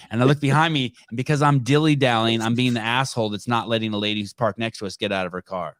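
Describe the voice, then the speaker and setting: A man's voice: medium pitch, quick pace, few pauses. A middle-aged man hosting a podcast, telling stories in a profane, rambling casual chat. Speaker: podcast host.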